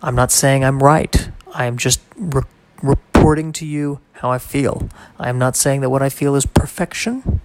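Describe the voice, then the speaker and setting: A man's voice: mid-range voice, fairly even intonation, moderate pace, few pauses, no room sound. A man hosting a solo podcast, reading aloud and drifting into wry, rambling asides in a casual way. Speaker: podcast host.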